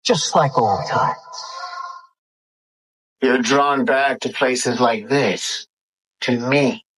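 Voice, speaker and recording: A husky, taunting game villain. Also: male voice, medium pitch, steady tone, a bit bright, heavily acted. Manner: taunting, measured. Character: menacing adult male villain taunting a former captive. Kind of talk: game cutscene dialogue.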